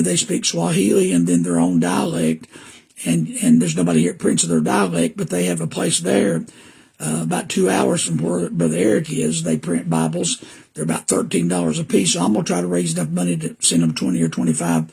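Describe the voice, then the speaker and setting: Older Southern man, preacher, casual podcast talk: weak, damaged voice, very gravelly and husky, fairly high-pitched, rambling, earnest. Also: darkish tone. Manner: rambling, earnest, greets viewers by name mid-talk.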